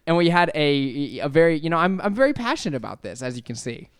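Young guy podcast host, laughy and animated, voice jumps around a lot, dry close mic. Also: on the high side, fast talker, clear, resonant tone, dry recording. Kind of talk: casual chat. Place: apartment.

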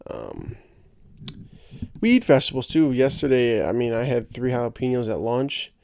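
A young man talks loosely to his podcast listeners, jokey and rambling, and he stumbles into repeated words now and then. His voice sits at an ordinary middle pitch. The sound is close and dry, with no room around it. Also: huge pitch swings, normal speed, creaky, a little mellow, no echo. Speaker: podcast host. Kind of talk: casual solo chat.

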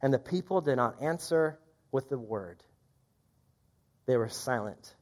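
A man preaching a sermon, reading scripture aloud and commenting in a conversational, lively way. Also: measured pace. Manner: lively, rises in pitch when quoting. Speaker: pastor.

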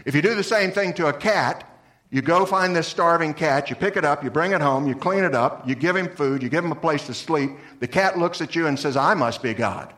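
Man preaching an earnest sermon. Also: fairly quick. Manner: earnest, swings from lively emphasis to soft low-voiced appeals. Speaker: pastor.

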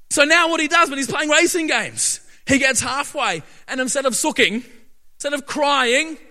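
Male preacher, high and sharp, emphatic, builds to shouts, recorded with long hall reverb. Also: moderate pace. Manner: emphatic, repeats rhetorical "right?", builds to shouting. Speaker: pastor. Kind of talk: sermon.

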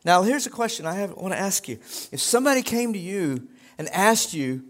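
A man's voice: sits high, sing-song, normal speed. A middle-aged male pastor preaching a sermon in a conversational way that swells into emphatic exhortation.

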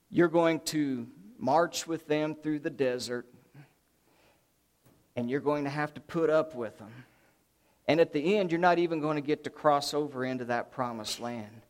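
A preacher voicing God, calm and commanding. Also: male voice, fairly high pitch, close to an everyday voice.

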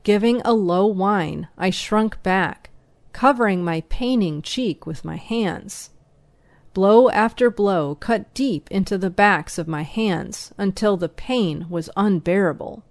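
A woman reading a first-person story aloud as an audiobook narrator, slow, even and measured. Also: medium pitch, no echo.

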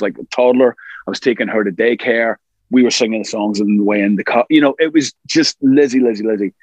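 This middle-aged rock singer from Scotland spins lively anecdotes during a casual interview, performing other people's lines as he goes. His pitch is medium, and the dry audio has its high frequencies cut off.

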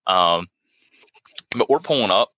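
A man's voice: low-pitched, lively intonation, measured pace, sharp tone, dry recording, dull audio. A man co-hosting a podcast, chatting casually and telling a story with some hesitation. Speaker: podcast co-host. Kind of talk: casual chat.

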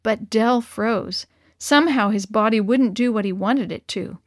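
A woman's voice: fairly high pitch, unhurried, dry recording, studio quality. A woman reading a children's story aloud, lifting into character voices for the dialogue.

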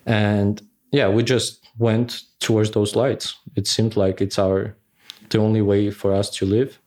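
A man recalling his past in a halting, conversational interview, full of fillers. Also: fairly low pitch, little pitch movement, darkish tone. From Nagorno-Karabakh. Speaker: interviewee recounting his war experience.

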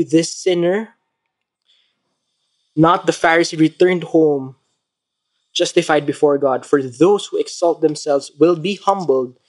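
Male preacher with a Filipino accent, gentle devotional talk and prayer. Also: fairly high pitch. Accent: Filipino English. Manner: animated storytelling, acts out quarrels. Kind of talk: devotional sermon.

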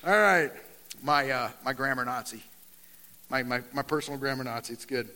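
Bright-voiced man preaching in a reverberant hall. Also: mid-range voice, fairly quick. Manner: conversational preaching, often saying "man" and "right?"; grows loud and animated when reading scripture. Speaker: pastor. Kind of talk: sermon.

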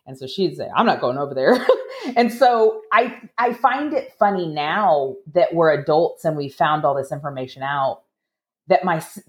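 A woman guest telling a personal story in a chatty way, with many restarts, acting out what people said in a higher voice. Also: a little slow. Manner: animated, acts out quoted voices in a higher pitch. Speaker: podcast guest.

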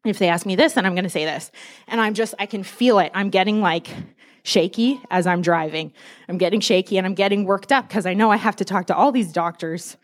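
A young woman giving a casual sermon to a church crowd, talking fast and freely. She is animated and self-deprecating, breaks into laughter often, and speaks in a mid-pitched, conversational voice.

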